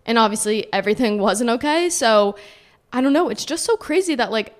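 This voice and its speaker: A woman's voice: a little high, animated, brisk. A young woman in her twenties, a podcast host telling a personal story in a chatty, casual way and saying "like" a lot. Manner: chatty, heavy use of "like".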